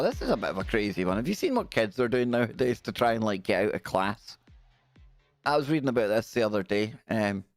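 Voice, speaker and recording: A man's voice: mid-range voice, dry recording, studio quality. A middle-aged man hosting a casual live stream, greeting viewers by name and joking around.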